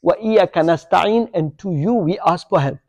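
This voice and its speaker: Guy with a high voice teaching a class, keeps asking the students questions, says okay? yeah? a lot. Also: moderate pace, darkish tone. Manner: quizzes students, checks with frequent "okay?" and "yeah?"; corrects his own slips aloud. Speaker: Arabic teacher. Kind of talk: live classroom grammar lesson.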